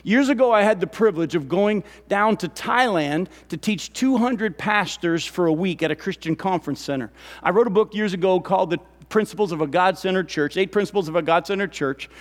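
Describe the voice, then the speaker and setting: High-voiced preaching man in an echoing hall. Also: fairly quick. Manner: animated preaching, asks the congregation questions. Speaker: pastor. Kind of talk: sermon. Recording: long reverb of a church hall.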